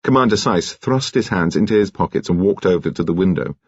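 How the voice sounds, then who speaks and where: A man narrating an audiobook in a crisp, expressive, measured way. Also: low voice, dry recording, dull audio. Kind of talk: scripted narration.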